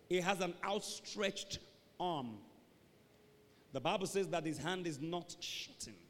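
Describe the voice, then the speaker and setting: A man preaching a sermon to a church, animated and dramatic, acting out little scenes and shouting for emphasis. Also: a little high. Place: large church hall. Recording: long hall reverb.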